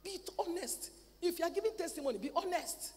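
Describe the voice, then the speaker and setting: A woman preaching a sermon at a convention. She talks in a lively way, acts out family dialogue and repeats words. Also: very high voice, fairly quick. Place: large convention hall. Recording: reverberant hall, faint ambient noise.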